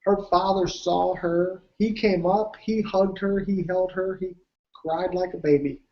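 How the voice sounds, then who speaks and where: A man with a high-sitting voice, fairly even intonation, and an unhurried pace presents his weight loss program through emphatic motivational stories. He acts out the quoted dialogue, and the audio sounds dull.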